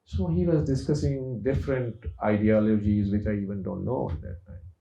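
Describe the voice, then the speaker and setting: A middle-aged man tells a story from his own life in the loose, anecdotal style of a lecture. His voice sits low and mellow. The recording sounds echoey and muffled. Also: normal speed, vocal fry. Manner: anecdotal, laughs while telling a story. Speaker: doctor and speaker.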